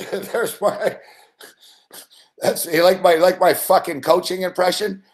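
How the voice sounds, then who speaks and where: A man's voice: high voice, steady tone, slow. A man giving a live sports betting rant, profane and exasperated.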